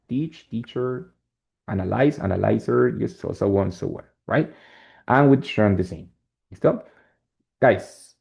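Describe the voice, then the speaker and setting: A man's voice: medium pitch, creaky. A man with a Spanish accent teaching an English lesson in a classroom, explaining step by step and often checking with "right?". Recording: dull lo-fi classroom recording.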